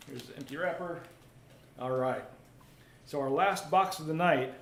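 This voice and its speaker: A man's voice: fairly high pitch, measured pace, fairly bright tone. A man hosting a live card break, chatting casually while opening packs and reading out viewer comments. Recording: roomy echo, faint ambient noise.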